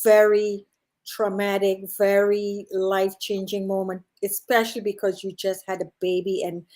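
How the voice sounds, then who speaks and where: A woman's voice: mid-range voice, level tone, normal speed, darkish tone. Lady host wrapping up her guest's story, supportive, knows her for years. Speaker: show host. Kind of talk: interview conversation.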